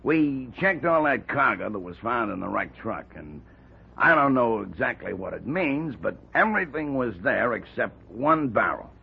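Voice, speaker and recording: A friendly, helpful contact in a vintage radio drama. His voice is very raspy and gravelly, with lively pitch. The recording sounds dull and lo-fi. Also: moderate pace, full character voice.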